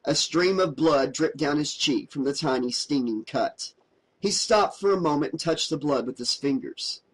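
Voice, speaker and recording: A man reads a horror novel aloud as an audiobook, in a voice set a little high for a man. His narration moves at a steady, dramatic storytelling pace. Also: normal speed, poor audio.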